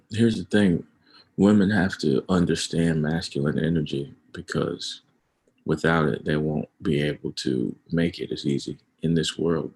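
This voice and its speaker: Casting: gravelly, husky, low-voiced man, casual livestream host, emphatic. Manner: emphatic, rising to loud outbursts. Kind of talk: casual opinion chat on a livestream.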